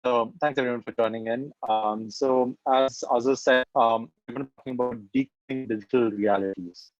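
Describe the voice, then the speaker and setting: A man with an Indian English accent giving a webinar talk over a video call, soft-spoken and often pausing with "um". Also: medium pitch, fairly even intonation, no echo. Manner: soft-spoken, frequent ums. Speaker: guest speaker. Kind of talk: webinar presentation. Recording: dull, dry video call audio.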